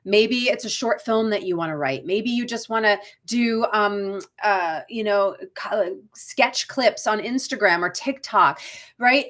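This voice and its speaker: A middle-aged woman with a Boston accent talks shop in a loose, chatty way, often checking in with a quick "right?" as she goes. Her voice sits at an ordinary middle pitch for a woman, and she hosts an unscripted live coaching session. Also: a bit bright. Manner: chatty, frequent "right?" tag questions, reads viewer comments aloud. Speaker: acting career coach. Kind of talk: live-stream coaching chat.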